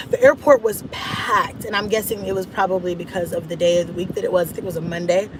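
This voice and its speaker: A woman vlogger telling a casual story in an animated, dramatic way, acting out her own thoughts. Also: fairly low pitch, fast, noisy background. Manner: animated, dramatic retelling with laughs and voiced-out inner thoughts. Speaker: mom vlogger.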